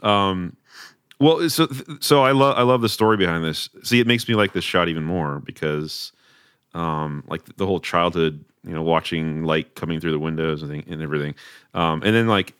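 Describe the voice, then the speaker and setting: A man with a very deep voice hosts a casual interview, recorded dry and close. He keeps agreeing eagerly and fills his talk with likes and ums. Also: a bit bright, clear, resonant tone, no echo. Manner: eager, quick to agree, many fillers. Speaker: podcast host.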